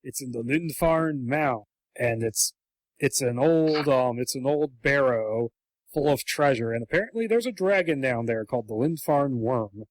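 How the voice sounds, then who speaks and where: A man's voice: medium pitch, moderate pace, no echo. A man co-hosting a podcast, chatting casually and acting out quotes in comic voices. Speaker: podcast co-host.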